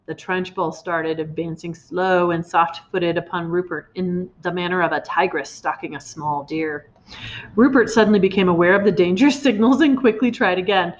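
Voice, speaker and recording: A woman reading a children's storybook aloud in an expressive way, in a slightly muffled recording. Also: fairly low pitch, normal speed, slight background noise. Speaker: reader.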